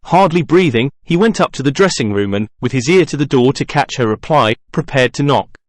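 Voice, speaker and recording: A man reading a classic novel aloud as a narrator, in an even, measured way with little character acting. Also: mid-range voice, no echo, studio quality. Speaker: audiobook narrator. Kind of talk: scripted narration.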